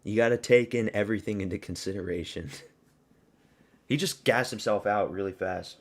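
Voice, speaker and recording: A man hosting a fight watch-party stream, giving excitable, profane live reactions and yelling at the screen. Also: on the low side, normal speed.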